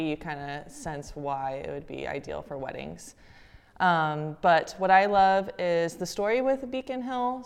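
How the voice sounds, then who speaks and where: Enthusiastic woman guest, lowish and smooth, roomy reverb. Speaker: winery guest. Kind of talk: casual chat. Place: winery.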